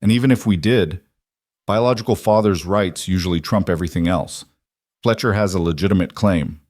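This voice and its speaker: A man voicing a struggling rancher who speaks in a flat, defeated way. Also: sits low, brisk, no room sound, clean studio sound.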